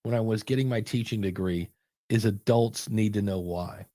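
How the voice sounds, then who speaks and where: A man's voice: on the low side, normal speed, no echo, studio quality. A man hosting a podcast coaching show in casual chat, telling stories animatedly and acting out quoted voices. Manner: animated storyteller who acts out quoted voices.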